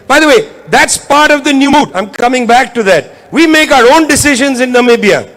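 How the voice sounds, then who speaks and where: His voice is very high and fairly bright, moving at a normal speed. The man is giving a keynote political speech in an event hall, impassioned and leaning on repetition for emphasis.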